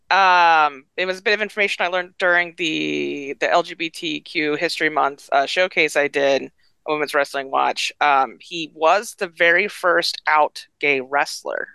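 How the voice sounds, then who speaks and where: A woman's voice: low-pitched, a little slow, creaky, bright, forceful tone, clean tone, no room sound. A woman guest on a podcast in casual chat, explaining things thoughtfully and laughing lightly.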